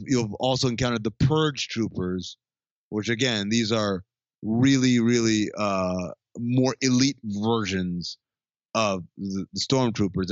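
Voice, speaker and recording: A man's voice: lowish voice, no room sound, muffled recording. Laid-back, swearing man on a podcast. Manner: loose, profane, laughing often. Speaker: podcast co-host. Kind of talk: casual chat.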